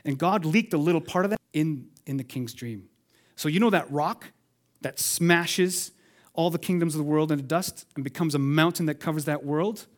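Pastor guy preaching, bit high voice, goes big then drops way soft, gets the crowd to answer back. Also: moderate pace. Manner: dynamic preaching, swings from loud to hushed, calls for congregation response. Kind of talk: sermon.

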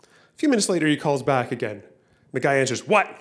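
Speaking fairly quickly with big pitch swings around a medium pitch, this pastor addresses both a church room and an online audience. He keeps his sermon casual and conversational, repeating words often and voicing the characters in his stories.

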